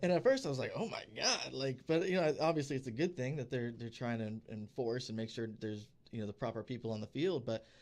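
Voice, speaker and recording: A man co-hosting a podcast, telling stories in a casual, animated way and acting out the people he quotes. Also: medium pitch, quick pace, few pauses. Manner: animated storyteller who acts out quoted people. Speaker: podcast co-host. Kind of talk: casual chat, storytelling. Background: podcast studio.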